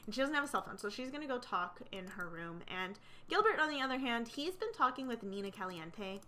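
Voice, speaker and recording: Chatty young woman with a bright voice. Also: fairly high pitch, expressive, a little fast, a little hiss or hum. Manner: chatty, many fillers, gossipy. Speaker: let's play narrator. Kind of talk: casual game commentary.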